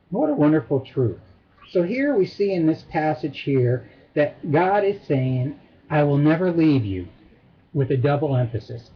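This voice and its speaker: A man giving a short Bible devotional as a teacher, slowly repeating phrases for emphasis. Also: a little high, lively intonation, husky. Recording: dull lo-fi recording.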